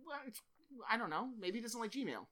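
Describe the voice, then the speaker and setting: A man's voice: high-pitched, sing-song, brisk, bright, forceful tone. A man hosting a podcast in casual chat, rambling, swearing and often laughing. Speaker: podcast host.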